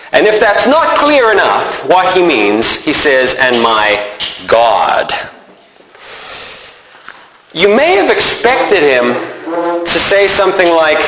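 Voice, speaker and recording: A man preaching a sermon in an animated way, acting out the voices he quotes. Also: fairly high pitch. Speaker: pastor. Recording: roomy hall reverb, faint noise.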